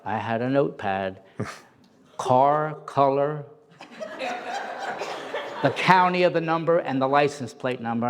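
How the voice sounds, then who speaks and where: A middle-aged man spins personal stories with plenty of life. His voice sits a little high for a man, and he laughs easily as he acts out the people in his tales. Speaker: interview guest, storyteller. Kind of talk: animated personal storytelling.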